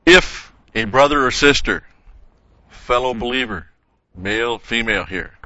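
A man teaching a verse-by-verse Bible lesson, methodical, explaining grammar and pausing with "okay?" and "uh". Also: mid-range voice, expressive, pushed and bright, muffled recording.

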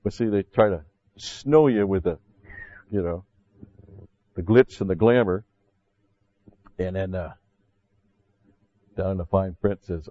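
A man's voice: low voice, measured pace, pauses often, dry recording, narrow, tinny audio. A man preaching a sermon as pastor, talking conversationally with frequent "see" asides and rising emphatically when he quotes scripture.

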